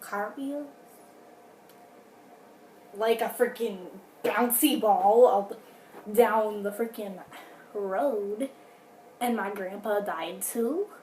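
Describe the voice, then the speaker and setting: In a mellow, medium-pitched voice, a woman draws out her words and pauses often as she tells a storytime vlog. It's casual and chatty with dramatic asides, recorded indoors at home over a running furnace. The audio is roomy and distant, with a little faint noise.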